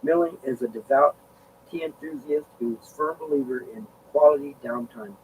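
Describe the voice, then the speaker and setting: A man's voice: a little high, very animated, moderate pace, creaky, far from the mic, rough recording. A man casually reading an article aloud on his vlog, rambling and breaking off into asides about how he feels. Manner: rambling, interrupts himself, groans about discomfort. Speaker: vlogger. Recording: set back from mic, faint background noise.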